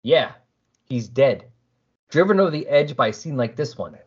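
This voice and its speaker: A man's voice: medium pitch, lively intonation, normal speed, husky, highs cut off. A man voicing an earnest young male superhero who speaks emphatically. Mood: somber. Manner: emphatic and indignant.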